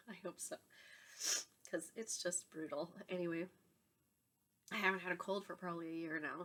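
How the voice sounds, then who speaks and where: A woman's voice: on the low side, fairly bright tone. A woman in her thirties with a cold, talking in a congested, nasal voice as she hosts her knitting podcast at home, chatty and laughing often. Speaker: knitting podcast host and yarn dyer. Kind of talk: casual chat to camera. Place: home room with yarn shelves behind.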